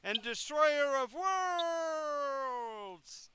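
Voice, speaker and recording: A man's voice: very high voice, lively intonation, very slow, sharp tone, dry recording, voice pushed up, full character voice. A man voicing a grandiose, scheming undead lich who swings between villainous boasts and sheepish apologies. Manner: melodramatic villain proclamations, then sheepish backpedaling.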